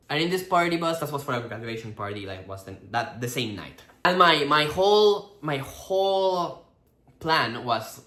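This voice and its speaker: Host type, twenties, man with a light non-native accent, animated storyteller, mid-pitched voice in a roomy echo. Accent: non-native English accent. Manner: animated, acts out quotes with laughs. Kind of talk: casual storytelling chat.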